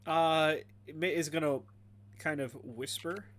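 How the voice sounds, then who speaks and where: A man's voice: a little high, fairly even intonation, fairly bright tone, slight background noise. A man playing a tabletop role-playing game, rambling and joking as he describes his character's actions. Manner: rambling, joking, slow bits of in-character mumbling. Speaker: player. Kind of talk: casual tabletop role-play.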